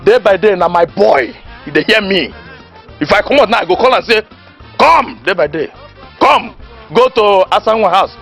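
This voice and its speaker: An actor playing a boastful, know-it-all village man who lectures his friend in Nigerian Pidgin, loud and laughing at his own jokes. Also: high-pitched, lively intonation, normal speed, creaky, faint music behind, exaggerated voice. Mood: lecturing. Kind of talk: comedy film acting.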